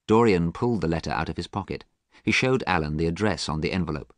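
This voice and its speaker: Man, low voice, lively intonation, storybook narration, careful measured reading, dry close sound. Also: no echo. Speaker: audiobook narrator.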